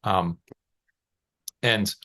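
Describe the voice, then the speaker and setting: Rambling low-voiced man telling a story. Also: very slow, sharp tone. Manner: rambling, self-deprecating, hesitant storytelling. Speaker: podcast co-host. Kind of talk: casual podcast chat.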